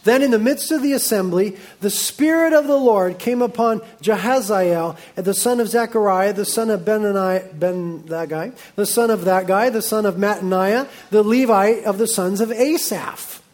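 A middle-aged male pastor preaching a sermon, reading scripture aloud and breaking into lively asides. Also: high-pitched, moderate pace, hardly any pauses.

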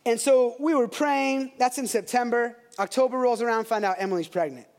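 Pastor, 30s, male. High voice, animated sermon storytelling. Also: fairly quick.

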